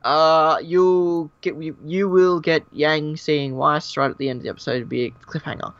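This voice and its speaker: A man's voice: fairly high pitch, fairly even intonation, normal speed, fairly bright tone, dry recording. A man with an Australian accent hosting a casual fan discussion live stream, rambling and speculative with frequent restarts. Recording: dull, dry lo-fi mic.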